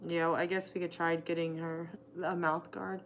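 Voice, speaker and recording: A woman with a lowish voice chatting casually as a co-host. She is matter-of-fact and teasing. Faint ambient noise sits behind her. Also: level tone, moderate pace, a bit bright. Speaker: co-host, stepparent. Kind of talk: casual chat.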